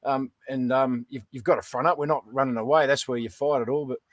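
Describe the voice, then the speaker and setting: A man's voice: medium pitch, fairly even intonation, fast, dry recording. A middle-aged Australian man, a veteran guest in a casual interview, talking bluntly and calling everyone "mate". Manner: blunt, folksy, peppered with "mate".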